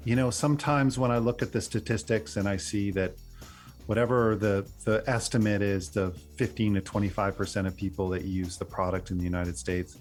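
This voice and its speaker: A man's voice: fairly low pitch, fairly even intonation, brisk, faint music behind. A middle-aged man speaking as an interview guest, earnest and rambling, often restarting his sentences. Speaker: guest, company CEO. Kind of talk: casual interview.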